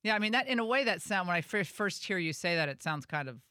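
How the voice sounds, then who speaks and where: A woman hosting a radio talk show, chatting in a casual, animated way with quick asides and restarts. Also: lowish voice, clear, resonant tone, no room sound, clean studio sound.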